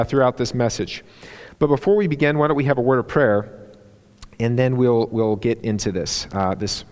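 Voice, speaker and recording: Man preaching in an echoing church. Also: medium pitch. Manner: halting, many fillers and restarts. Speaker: guest preacher. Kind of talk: sermon with personal stories. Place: church sanctuary. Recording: long church hall reverb.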